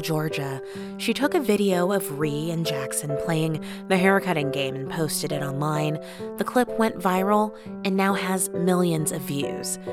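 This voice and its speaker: A woman hosting a news radio show, reading a scripted introduction in an even, clear way. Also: lowish voice. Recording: dry studio, faint music.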